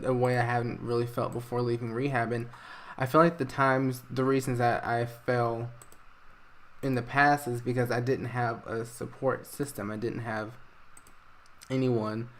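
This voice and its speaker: A remorseful middle-aged father, as a narrator puts him on, pleading haltingly and tripping over his words. He talks in a mid-range voice and keeps restarting his sentences in a narrated game story. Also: medium pitch, close to an everyday voice.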